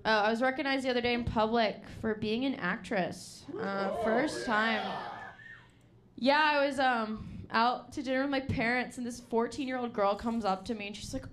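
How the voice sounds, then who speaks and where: A woman's voice: a little high, moderate pace, slight background noise. A young woman doing a stand-up set at an open mic, rambling and self-deprecating, often laughing at her own jokes. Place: comedy club stage with a live audience.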